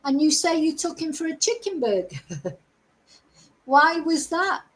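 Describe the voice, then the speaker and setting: A woman's voice: high voice, expressive, unhurried, rough recording. A middle-aged woman giving chatty, exasperated livestream commentary as a true crime host. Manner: chatty, exasperated, laughs between remarks.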